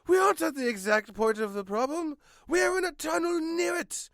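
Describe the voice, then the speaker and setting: A man's voice: very high-pitched, a little fast, a bit bright, no echo, clean studio sound, pitched above the performer's own voice. A man voicing a grand old male space wizard in a robe, in a comic homemade story. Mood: frantic.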